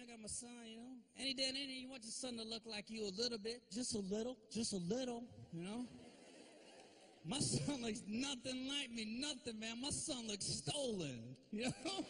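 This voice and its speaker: A man's voice: extremely high pitch, noisy background. A male stand-up comedian on stage telling family stories in a loose, conversational way, peppering lines with "you know?" and "man.". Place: stage at a live comedy show.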